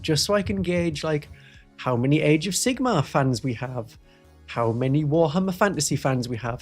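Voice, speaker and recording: A man's voice: fairly high pitch, darkish tone, breathy edge. A man with a toned-down Northeast English accent, chatting with viewers on a live stream in a wry, rambling way. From Northeast England. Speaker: Warhammer streamer. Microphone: studio microphone.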